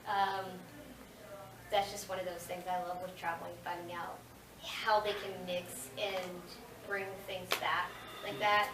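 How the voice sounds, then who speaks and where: A woman's voice: fairly low pitch, flat delivery, unhurried. Woman voice actor telling stories at a con panel, lots of laughs, far off mic in an echoey room with background noise. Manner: chatty, laughing, slips into playful voices. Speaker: convention guest voice actor. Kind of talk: casual panel Q&A answers.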